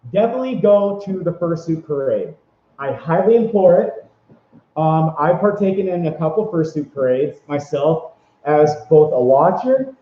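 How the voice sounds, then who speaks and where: A man rambles cheerfully through casual advice, stumbling over his words and circling back. His voice sits a little high for a man. The sound is roomy and echoey, with a dull, lo-fi tone. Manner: rambling, upbeat, many fillers and restarts. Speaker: vlogger giving convention tips.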